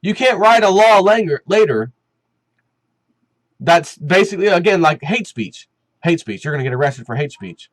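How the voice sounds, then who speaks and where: A man hosting his own commentary channel, giving a heated, animated opinion rant full of fillers and restarts. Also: high-pitched, normal speed, dry recording, rough recording.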